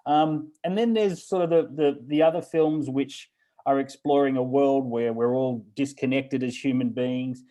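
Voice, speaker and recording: A man's voice: mid-range voice, steady tone, dark tone, poor audio. Older man, thoughtful festival director. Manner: thoughtful, measured, with fillers. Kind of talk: casual interview chat.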